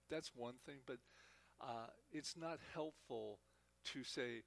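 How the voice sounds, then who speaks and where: A man's voice: mid-range voice, takes it slowly, vocal fry, fairly bright tone. A man teaching a Bible class, speaking earnestly and often repeating words as he talks. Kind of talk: church teaching talk.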